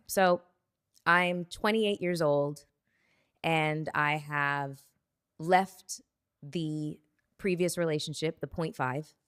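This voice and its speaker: Deep-voiced woman, slow reflective storytelling. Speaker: guest. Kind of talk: personal storytelling.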